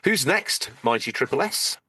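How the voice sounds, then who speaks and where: A man's voice: mid-range voice, animated, normal speed, sharp tone, husky, no room sound, studio quality. A man co-hosting a podcast, teasing and rambling playfully as he reads out supporter thanks. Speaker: podcast co-host. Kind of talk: casual banter, reading out supporter thanks.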